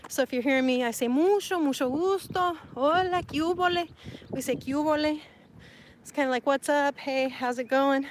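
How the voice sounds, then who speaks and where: Woman from Sonora, Mexico, high voice, livestream chatter, light background hiss. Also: moderate pace. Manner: chatty, laughs often, greets viewers, mixes in Spanish words. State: sweaty and hot. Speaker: livestream vlogger. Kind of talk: casual livestream chat.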